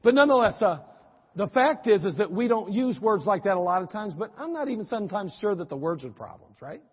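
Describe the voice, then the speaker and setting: A middle-aged man preaching a sermon, folksy and animated, with teasing asides to the congregation. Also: high voice, a little fast, breathy edge. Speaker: pastor. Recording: dull, lo-fi audio with long church-hall reverb.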